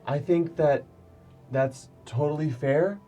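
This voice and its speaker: A man's voice: fairly high pitch, slow pace, mellow, soft background music. An easygoing, agreeable man playing a tabletop game. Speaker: player. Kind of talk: casual tabletop play. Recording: distant mic with faint noise.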